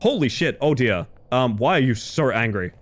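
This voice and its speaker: A man's voice: medium pitch, animated, normal speed. A man chatting casually with his viewers while he streams a game, rambling and laughing easily. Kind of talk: casual gaming-stream chat.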